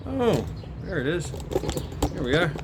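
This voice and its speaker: A man's voice: fairly high pitch, very animated, a little slow, very noisy. A man rambling casually to his viewers in a vlog, swearing now and then, out of breath and sweaty while moving out. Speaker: vlogger. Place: outdoors, hot day, moving out of an apartment.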